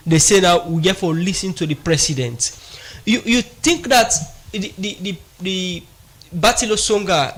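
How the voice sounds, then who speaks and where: A man's voice: high-pitched, a bit bright. Sierra Leonean radio co-host, man, asking questions. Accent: Sierra Leonean Krio-inflected English. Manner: probing questions in Krio-English mix. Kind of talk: radio talk show questioning.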